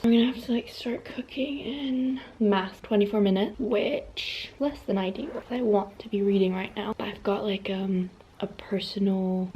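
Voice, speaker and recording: A young woman chats away about her reading, rambling with plenty of fillers and restarts. Her voice is mellow and soft-edged. The sound is a little roomy, with a faint hiss from a bedroom. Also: mid-range voice, steady tone, moderate pace, hardly any pauses, dull audio. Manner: chatty, rambling, full of "like" fillers. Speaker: vlogger. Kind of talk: casual reading vlog chat. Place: messy bedroom. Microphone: phone camera.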